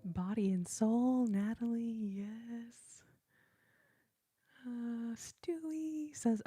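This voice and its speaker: A woman in her early forties whispering softly and giggling as she chats with viewers on an ASMR livestream. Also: fairly high pitch, drawn-out words, slightly rough, dry recording, clean studio sound, soft background music. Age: early 40s. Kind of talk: whispered ASMR live chat.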